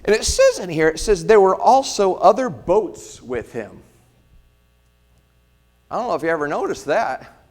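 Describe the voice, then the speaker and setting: Male pastor, slightly high voice, casual preaching style with rhetorical questions, low hum in the background. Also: big pitch swings, measured pace, long pauses. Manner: conversational preaching with rhetorical questions, swings loud and quiet. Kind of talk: sermon. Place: church sanctuary.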